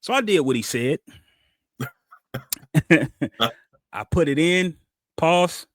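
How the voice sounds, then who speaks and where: Animated man telling stories. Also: medium pitch, dry recording, studio quality. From Cincinnati, USA. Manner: animated storytelling, acts out quotes. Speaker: podcast co-host. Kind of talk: casual chat.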